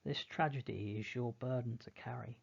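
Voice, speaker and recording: A man's voice: mid-range voice, moderate pace, creaky, slightly rough, lo-fi sound. A man voicing a pompous, bossy elder brother who plays at giving military commands. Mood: commanding.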